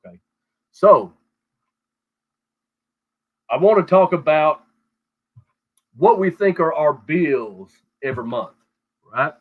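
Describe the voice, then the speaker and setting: A show host with a fairly high voice and lively intonation rants crudely and rambles, swearing heavily over call audio. He talks slowly with long pauses, and the sound is narrow and tinny.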